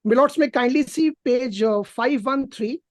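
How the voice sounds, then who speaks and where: Indian woman lawyer, kinda high voice, dry close sound, keeps saying my lords, stumbles a lot. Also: no echo. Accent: Indian English. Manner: deferential, halting, repeats "my lords". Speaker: advocate. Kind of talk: courtroom argument. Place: courtroom, on a video hearing feed.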